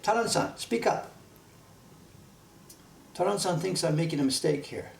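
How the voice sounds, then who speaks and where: A man's voice: on the high side, expressive, measured pace, vocal fry, pauses often. A man in his sixties with a Canadian accent carrying faint English traces, chatting casually and enthusiastically while streaming from his print workshop. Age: 60s. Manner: chatty, enthusiastic, easily amused. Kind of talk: casual live-stream chat. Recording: echoey room with background noise.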